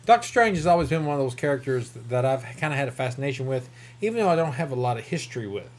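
A comic book podcast host with a rural Southern American accent rambles through a casual comic review, correcting himself and chuckling. His mid-range voice is expressive and rapid-fire.

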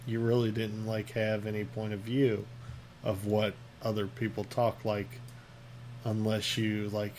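A man's voice: fairly low pitch, flat delivery, unhurried, a little mellow, a little hiss or hum. A man from Ohio chatting casually about movies and actors' accents, loose and talkative with lots of filler words.

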